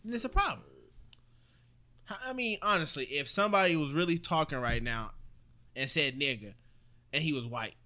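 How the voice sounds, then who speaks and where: A man's voice: a little high, expressive, normal speed, long pauses, sharp tone. Provocative young man joking around. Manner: joking, provocative, laughs often. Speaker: podcast co-host. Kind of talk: casual chat.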